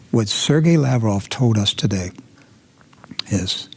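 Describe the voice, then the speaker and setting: A man's voice: medium pitch, slow pace, long pauses, mellow, slightly rough. A man hosting a commentary show, telling a dramatic story with emphatic repetition and sudden drops into intense whispers.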